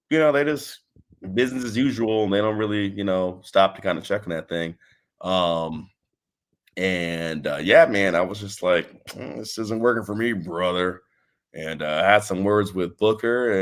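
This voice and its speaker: A man with a lowish voice chats in a relaxed interview, jumping between stories. He rambles and restarts, then acts out what people said with bursts of energy. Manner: animated storyteller, rambling with restarts, acts out quotes. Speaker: interview guest, wrestling trainer. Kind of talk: casual interview chat.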